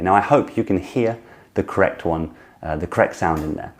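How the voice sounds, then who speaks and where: A man teaching French pronunciation in a casual video lesson, saying sounds slowly, repeating them and cheering the learner on. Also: sits low.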